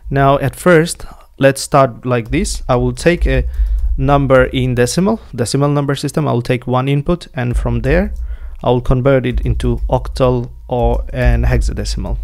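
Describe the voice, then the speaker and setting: Male tutor, Bangladeshi accent, mid pitch, patient step-by-step explainer, dry booth sound. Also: creaky, a little mellow, no room sound. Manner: patient, repeats points with restarts. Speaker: programming tutor.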